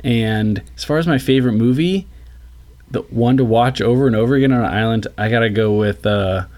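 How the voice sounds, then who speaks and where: A man's voice: medium pitch, fairly quick, darkish tone. A man co-hosting a podcast, talking casually with hesitant starts while telling stories. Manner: hesitant, restarts, storytelling. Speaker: podcast co-host. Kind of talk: casual chat.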